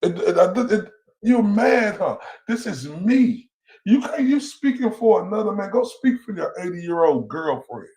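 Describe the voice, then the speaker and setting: A man's voice: high voice, big pitch swings, a little slow, darkish tone, breathy edge. A man hosting a livestream, ranting in a profane, taunting, confrontational way. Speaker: livestream host. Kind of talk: heated livestream rant. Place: lives in Dallas, Texas.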